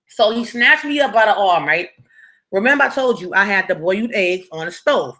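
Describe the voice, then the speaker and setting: A young woman recounting her past with a bright, forceful voice. She tells it dramatically and keeps checking in with the viewer as she goes. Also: medium pitch, expressive, fairly quick. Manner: dramatic and conversational, with frequent tag questions to the viewer. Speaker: storytime vlogger. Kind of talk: casual storytelling.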